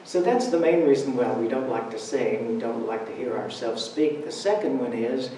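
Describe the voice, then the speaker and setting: Warm-toned and mid-range, this man's voice moves at a moderate pace as he gives a Sunday talk in a church sanctuary, telling stories with humor, laughs, and a conversational ease. A little hiss or hum is audible, and he's far from the mic in the roomy hall.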